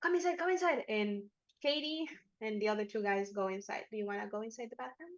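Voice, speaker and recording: A woman's voice: mid-range voice, brisk, dull audio. A woman narrating a tabletop game as game master, chatty and laughing often.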